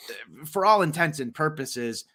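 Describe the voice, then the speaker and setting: A man on a casual sports podcast, worked up and ranting with real heat as he swears freely. His fairly high voice comes out bright and forceful. He pushes through long run-on sentences full of restarts. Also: lively intonation, a little slow. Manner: passionate, heated, swears freely. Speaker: podcast co-host. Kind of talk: casual sports talk rant.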